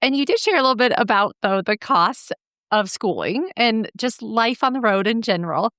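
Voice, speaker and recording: A woman's voice: fairly high pitch, expressive, moderate pace, fairly bright tone, dry recording, clean studio sound. A woman hosting a podcast, asking a guest interview questions in an affirming way. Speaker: podcast host.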